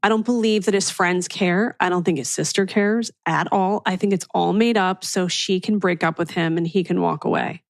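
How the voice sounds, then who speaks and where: A woman hosting a podcast in casual chat, giving blunt opinions and quick agreement. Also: on the low side, vocal fry, dry recording. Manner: brisk backchannel, blunt opinions. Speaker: podcast host.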